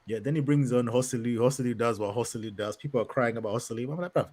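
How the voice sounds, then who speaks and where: A young man co-hosts a casual football podcast, ranting at length in street slang and laughing often. He's animated, with a medium-pitched voice and a quick pace.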